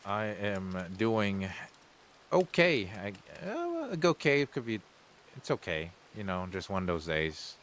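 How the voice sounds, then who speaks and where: A man playing a weary, laid-back townsman in a roleplay game, drawling slowly and sounding resigned. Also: on the low side, huge pitch swings, a bit bright, exaggerated voice. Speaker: roleplay player. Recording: faint hiss.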